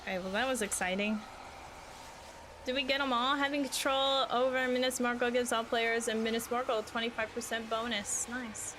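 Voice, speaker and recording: A woman's voice: fairly high pitch, fairly even intonation, moderate pace, background noise. A young woman streaming a game, chatting casually and exclaiming with mild minced oaths. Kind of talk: casual gameplay commentary.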